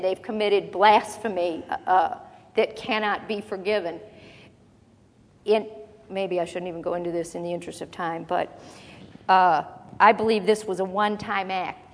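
A woman preaching a sermon, talking with the congregation and asking them questions, and slowing down to read scripture aloud. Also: medium pitch, in a large hall. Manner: conversational, asks the congregation questions. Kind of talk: sermon Bible teaching.

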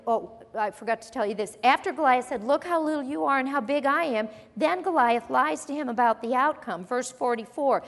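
A woman preaching a sermon, animated and acting out the voices she quotes. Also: high-pitched, long reverb tail.

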